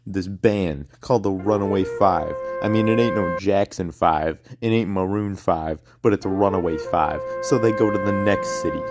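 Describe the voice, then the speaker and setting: A man's voice: sits low, normal speed, hardly any pauses. A man narrating a crude, sarcastic comedic summary in a rambling, profane way. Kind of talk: fast profane plot summary. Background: loud music.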